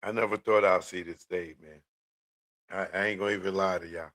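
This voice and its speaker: A man hosting a casual live-stream, talking in a relaxed, slangy way and hyping up his viewers. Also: low voice. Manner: laid-back, hypes viewers, drawn-out street slang. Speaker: live show host.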